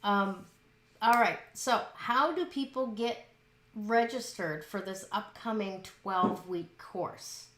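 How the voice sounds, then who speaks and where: A woman's voice: medium pitch, takes it slowly, a bit bright, echoey room. A woman hosting an interview, encouraging her guest with short affirmations. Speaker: host.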